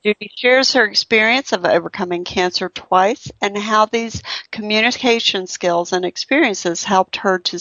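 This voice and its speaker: A woman talk radio host with a Southern US accent, reading guest introductions in an upbeat, emphatic way. Her voice sits at a middle pitch. The sound is dry and a little dull. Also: a bit bright, dry recording.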